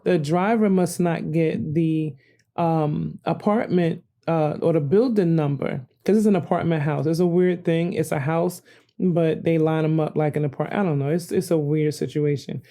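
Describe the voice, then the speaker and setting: Older host, mellow voice, rambling and animated. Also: female voice, sits low, moderate pace. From New Jersey. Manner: rambling, animated, self-correcting. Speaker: podcast host. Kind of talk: casual storytelling monologue.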